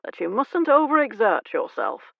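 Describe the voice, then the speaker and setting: A woman's voice: mid-range voice, expressive, normal speed, vocal fry, no echo, narrow, tinny audio. A woman narrator voicing a nervous, fussing older man acting as a doting father. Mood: fatherly.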